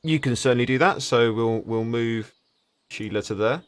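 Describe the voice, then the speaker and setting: Man running a tabletop game. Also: mid-range voice. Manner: quick explanations with stumbling word repeats. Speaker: game master.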